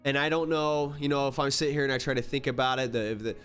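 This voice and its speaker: A man's voice: medium pitch, fast talker, soft background music. Rambling man recapping a story. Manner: rambling, animated storytelling with filler words. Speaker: manga reviewer. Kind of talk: casual vlog recap.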